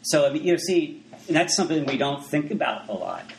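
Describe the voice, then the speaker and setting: A man's voice: a little high, big pitch swings, brisk, vocal fry, reverberant, a little hiss or hum, poor audio. A man preaching a sermon in a conversational way, full of asides and restarts.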